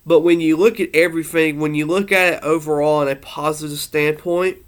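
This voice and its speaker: A man speaks in a loose, heartfelt monologue, circling back and restarting his sentences. He sounds a little emotional. His voice sits a bit high and comes through smooth and clear. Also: a bit bright. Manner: rambling, earnest, many fillers and restarts. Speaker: sports fan vlogger.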